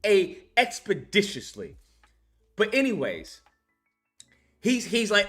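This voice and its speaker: An excitable YouTuber retelling a film in a swearing, heated rant, with a voice that leaps up and down all the time. Faint music plays underneath. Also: mid-range voice, a little slow. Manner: excitable, swears freely, acts out scenes. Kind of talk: casual profane movie-review rant.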